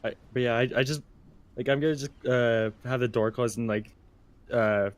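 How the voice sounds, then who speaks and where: Man, player, halting casual speech. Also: mid-range voice, steady tone. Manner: hesitant, filler-heavy. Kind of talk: casual tabletop game chat.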